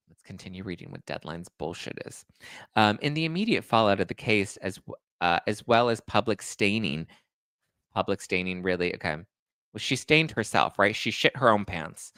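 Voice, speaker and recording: Bright-voiced exasperated male commentator. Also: lowish voice, lively intonation, normal speed, smooth, dry recording. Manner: sarcastic, worked-up, exasperated. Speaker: commentary show host. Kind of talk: ranting celebrity gossip commentary.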